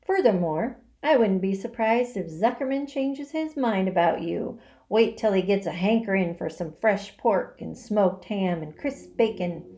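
A woman voicing a bloated, sneering male rat with a husky, hoarse voice. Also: mid-range voice, animated, measured pace, mellow. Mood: gloating.

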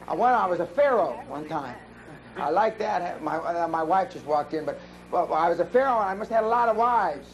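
At a seminar, a man with a high-pitched voice tells stories to the audience in a brash, profane, animated way at a brisk pace. Faint live-room hiss runs beneath him, and the recording's highs are cut off.

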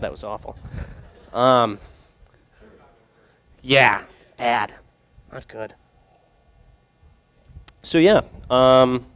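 A man's voice: medium pitch, clear, resonant tone. A young man working as a brewery sales rep, telling loose, joking stories to a group with lots of fillers. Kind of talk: casual storytelling to a group.

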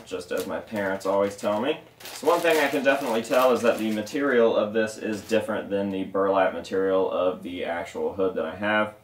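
Laid-back, swearing man with a low voice. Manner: laid-back, profane, jokey. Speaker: mask collector and channel host. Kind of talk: casual unboxing vlog. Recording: roomy echo, mic at a distance, faint noise.

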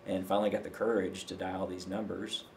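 A man with a very low, gravelly voice tells a personal story as a podcast guest. He is from Tennessee and talks in a loose, conversational way, leaning on "you know" between thoughts. Faint noise sits under the recording. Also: brisk. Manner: relaxed, many fillers like "you know".

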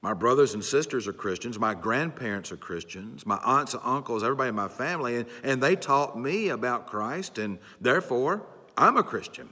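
A man's voice: mid-range voice, animated, fairly quick, pushed and bright, husky. A man voicing a polite, plain-spoken young female college student. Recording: long church hall reverb.

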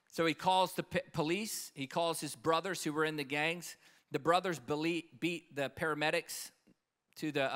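A man preaching a sermon at a live conference, passionate, his voice swinging between loud, urgent stretches and hushed, quiet ones. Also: a little high, clean tone. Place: conference hall stage.

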